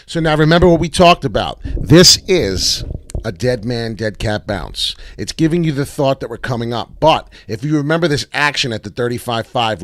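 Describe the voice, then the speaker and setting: A man's voice: mid-range voice, no echo. A man giving casual, brash live commentary on price charts, rambling and swearing freely. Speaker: crypto chart analyst streamer.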